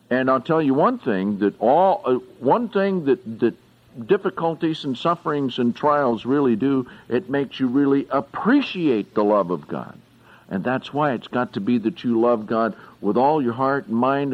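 Slow, emphatic preacher man. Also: medium pitch, dull audio. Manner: slow, deliberate, with emphatic swells. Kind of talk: expository sermon.

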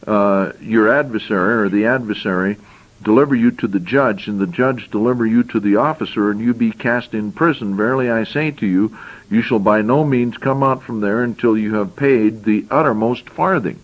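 A man's voice: lowish voice, normal speed, phone-quality sound. A man preaching a sermon, reading scripture verses aloud and explaining them, with frequent repeated phrases.

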